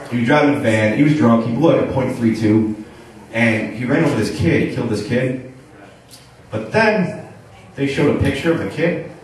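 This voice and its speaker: A young man doing a stand-up set on a club stage, talking in a loose, rambling way full of "like" and swearing. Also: mid-range voice. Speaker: stand-up comedian. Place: comedy club stage, live show. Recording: echoey club taped from far off, audience laughter.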